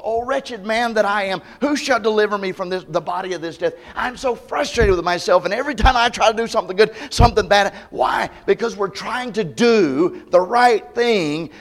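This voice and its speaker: Male pastor, high voice, emphatic sermon delivery with questions to the congregation. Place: church campmeeting service.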